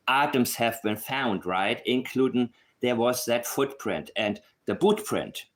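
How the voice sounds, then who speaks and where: A man with a non-native accent picking apart a case in a casual talk to camera. He is sarcastic and emphatic, circling back to hammer the same points. His pitch sits in an ordinary middle range. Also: takes it slowly. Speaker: true-crime commentator.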